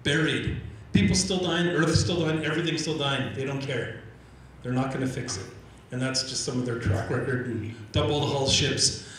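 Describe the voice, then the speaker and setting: Animated male speaker in an echoey hall. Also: medium pitch, normal speed, few pauses, far from the mic, a little hiss or hum. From Canada. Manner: animated storyteller acting out quoted exchanges; repeats words when restarting. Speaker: Indigenous organizer and speaker. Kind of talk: live public talk. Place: large event room with audience. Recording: very roomy hall echo, faint ambience.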